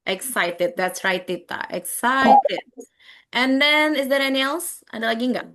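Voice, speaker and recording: Give me a woman teacher, fairly high voice, coaxing her class through questions. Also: expressive, brisk, pushed and bright. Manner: coaxing, quizzes students by name, frequent "oke". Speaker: English teacher. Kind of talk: interactive online class, repeating each English phrase in Indonesian.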